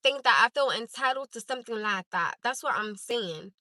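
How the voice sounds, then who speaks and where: Talking candidly to viewers on her phone, a Newark woman livestreams casually from her parked car. Her high, bright voice is forceful, with lively intonation at a moderate pace. The rough recording has no room sound.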